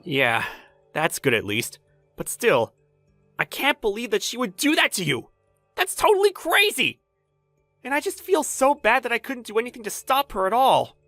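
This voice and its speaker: A woman's voice: a little high, wildly swooping pitch, normal speed, a bit bright, dry recording, faint music behind. A woman voicing a caring female company boss, worried and indignant, in a voiced story drama. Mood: concerned.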